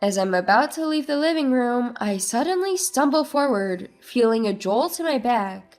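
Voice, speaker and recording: Brief: high-voiced woman, slow earnest first-person story narration, soft music bed. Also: animated.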